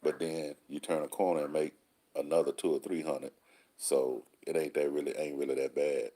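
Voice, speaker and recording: A man with an extremely low, husky voice talks easily to his listeners. His tone is mellow and dark, and he drawls through street slang and little rhyming sayings. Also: little pitch movement, normal speed. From Texas. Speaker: call-in show host. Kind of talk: casual monologue answering listeners.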